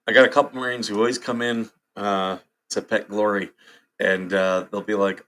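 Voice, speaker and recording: A livestream host with hiccups chats with viewers, reads headlines aloud, and laughs often as he reacts to the chat and the news. His voice sits on the low side, level and fairly bright, at a moderate pace.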